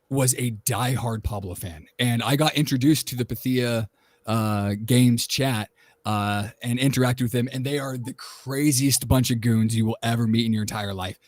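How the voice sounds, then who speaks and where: A man's voice: mid-range voice, no room sound. A man on a fan panel tells a long, easygoing story about his work. His voice is mid-range, and the sound is close and dry, with no room around it. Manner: relaxed, storytelling, enthusiastic. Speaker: voice actor on a panel. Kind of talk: casual panel talk.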